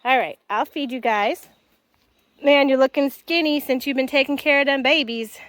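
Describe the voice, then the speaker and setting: A high-pitched woman talking outdoors on her farm. She coos and coaxes at her animals in a sing-song voice, then turns chatty and down-to-earth as she vlogs. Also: moderate pace, fairly bright tone. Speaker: farm vlogger. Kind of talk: casual vlog narration.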